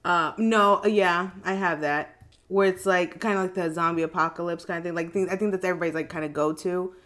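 A woman's voice: fairly low pitch, steady tone, fairly bright tone. Hesitant woman in casual chat. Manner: hesitant, restarts often, quick to laugh.

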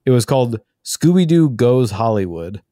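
A man's voice: medium pitch, big pitch swings, moderate pace, warm tone, dry recording, clean studio sound. A man co-hosting a casual comedy podcast, joking and slipping into silly voices. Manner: jokey, slips into silly voices. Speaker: podcast co-host.

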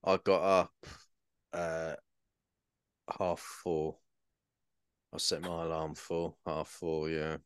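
A man chatting about his workday on a podcast, relaxed and sweary, quoting people as he goes. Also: extremely low pitch, slow, pauses often, clean tone, no echo. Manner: laid-back, sweary, quotes people in little voices. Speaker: podcast co-host. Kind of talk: casual chat.

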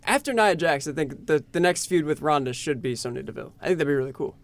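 A man's voice: a little high, lively intonation, fast talker. A young man co-hosting a casual chat, mostly with short interjections. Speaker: podcast co-host.

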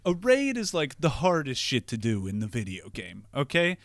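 A young man, telling profane, animated stories in a casual chat. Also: mid-range voice, moderate pace, dry recording. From Canada. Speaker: podcast co-host.

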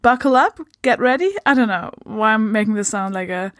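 A woman's voice: medium pitch, normal speed, a bit bright, no room sound, studio quality. Chatty swearing woman podcast host. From Denmark. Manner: chatty, swears freely, laughs often. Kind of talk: casual podcast chat.

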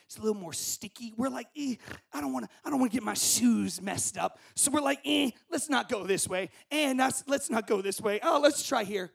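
A young man telling a story to a group as a camp speaker, acting out scenes with shouts and voices. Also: very high voice, expressive, a little fast, creaky, husky.

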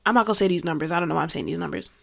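A woman's voice: fairly low pitch, racing, creaky, a bit bright. A woman leading a casual devotional Bible study, talking candidly and laughing often.

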